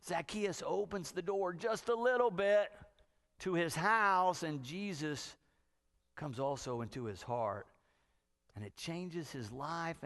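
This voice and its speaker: Pastor preaching with dramatic swings. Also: male voice, fairly high pitch. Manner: storytelling with wide swings from hushed to loud. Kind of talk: sermon.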